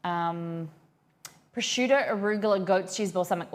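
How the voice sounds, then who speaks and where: A woman's voice: fairly low pitch, unhurried. A young woman hosting a cooking livestream, chatting casually and rambling as she reads her viewers' messages aloud.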